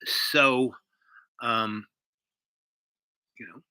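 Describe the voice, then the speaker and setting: A man retells a story in a loose, casual way, looping back through fillers and half-finished sentences. His voice is bright and forceful, and the sound is dry and close. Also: mid-range voice, steady tone, extremely slow, clear, resonant tone, no echo, low-quality recording. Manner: rambling, many fillers and restarts. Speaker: host.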